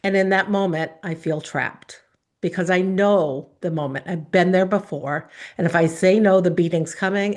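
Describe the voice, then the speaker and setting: A woman giving an earnest, emotional speech built around her own life story, with dramatic pauses. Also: low voice. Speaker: speaker.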